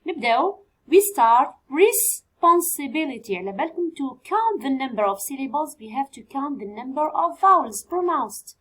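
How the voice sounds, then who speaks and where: An Algerian woman teaching English runs an exam review lesson, switching between English and Arabic, and slowly spells and counts out answers for her students. Her voice is high with big pitch swings, on a low-quality recording.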